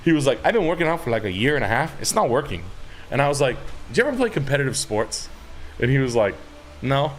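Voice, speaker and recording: Male streamer host, young adult; emphatic, profane rant delivery, highly animated pitch. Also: quick pace, noisy background. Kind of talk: rambling casual stream talk.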